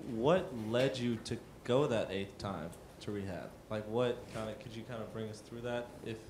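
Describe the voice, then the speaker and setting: A man's voice: lowish voice, normal speed, darkish tone, a little hiss or hum. A man in the audience tentatively asking a panelist a question. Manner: hesitant, tentative. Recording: distant in a roomy hall.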